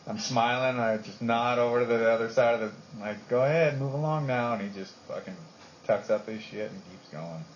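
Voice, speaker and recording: A man's voice: on the low side, steady tone, moderate pace. A man boastfully recounting a standoff in casual chat. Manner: laughing, boastful. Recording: muffled lo-fi recording, faint hiss.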